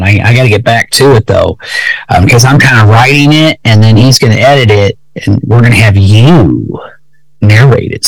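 A man's voice: medium pitch, dry recording, rough recording. A man co-hosting a podcast over a video call, rambling casually with lots of swearing and fillers. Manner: rambling, profane, many fillers. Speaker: podcast co-host. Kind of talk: casual chat.

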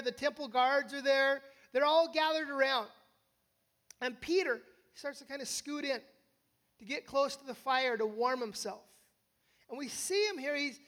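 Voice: sits high, fairly bright tone. An American pastor preaching a conversational sermon who often checks in with the listeners and restarts phrases. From United States. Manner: conversational, frequent tag questions and restarts.

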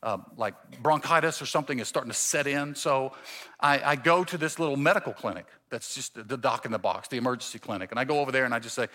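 A male pastor in his forties preaching a sermon, telling a self-mocking story with animated quoted voices. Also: medium pitch, quick pace. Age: 40s. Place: church stage.

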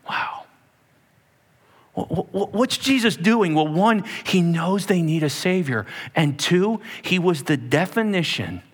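A man preaching a sermon to a room, retelling scripture in a dramatic, animated way and acting out the people in it. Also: on the high side. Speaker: pastor. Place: church hall.

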